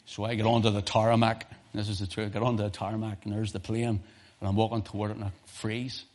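Middle-aged Northern Irish man, pastor, lively and humorous sermon storyteller. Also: lowish voice, fast. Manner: animated storytelling with humorous asides and chuckles.

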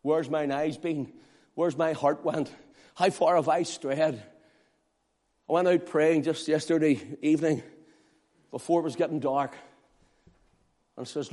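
A man preaching a sermon, swinging between loud, pleading appeals and hushed, quiet asides. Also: on the high side, moderate pace. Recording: long hall reverb.

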